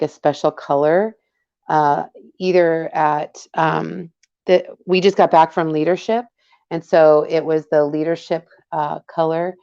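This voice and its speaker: Gravelly woman chatting through a craft demo. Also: low voice, warm tone. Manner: chatty, greets viewers by name. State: hiccups. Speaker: craft demonstrator. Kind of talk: casual live craft tutorial. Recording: dull lo-fi livestream audio.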